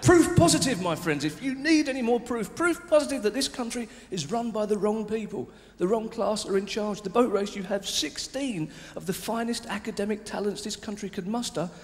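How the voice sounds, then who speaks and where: A man doing live stand-up, swinging from loud mock outrage to low confiding murmurs. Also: brisk, few pauses. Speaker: stand-up comedian. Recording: live hall recording with reverb and hiss.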